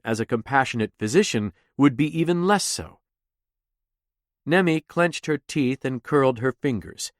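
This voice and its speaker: Measured male narrator, unhurried, mid pitch, dead-dry studio. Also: dry recording. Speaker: audiobook narrator. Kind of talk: scripted narration.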